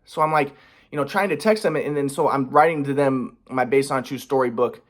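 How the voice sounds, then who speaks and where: A man's voice: mid-range voice, fairly quick. A young man in a casual confessional vlog, rambling and agitated, swearing often with many restarts. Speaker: vlogger.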